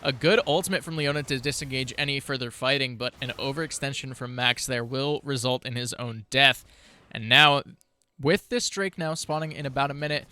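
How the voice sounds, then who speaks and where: A man with a bright, forceful voice calls a live esports match play-by-play. He runs through the action in quick, clipped calls and keeps the commentary moving. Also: mid-range voice. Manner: rapid running play-by-play calls.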